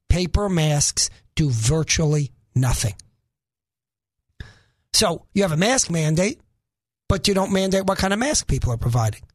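A man's voice: sits high, husky, no echo. A middle-aged man from the Northeast US fills in as a talk radio host, voice swinging up and down as he fires off sarcastic rhetorical questions. The sound is dry and close, with no room around it. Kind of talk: opinionated talk radio monologue.

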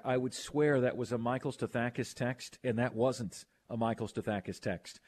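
A man hosting a sports radio show, chatting casually and reading listener texts aloud. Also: mid-range voice. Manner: animated, quick to protest, reads listener texts aloud.

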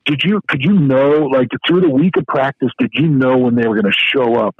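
A man's voice: mid-range voice, normal speed, slightly rough, no room sound. A man co-hosting a sports radio talk show, speaking emphatically with frequent restarts. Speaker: co-host. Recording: tinny phone-like line.

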